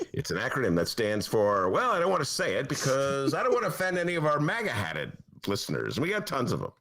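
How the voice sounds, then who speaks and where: Animated, sarcastic man hosting. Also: fairly quick, gravelly. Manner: animated and sarcastic, jumps to high mock voices. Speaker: podcast host, newspaper columnist. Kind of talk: casual comic monologue.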